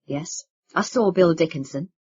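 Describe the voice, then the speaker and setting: Woman as bitter young man, curt and flat, husky, lo-fi. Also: fairly low pitch, unhurried, no room sound, voice pushed down. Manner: flat, curt, then yelling.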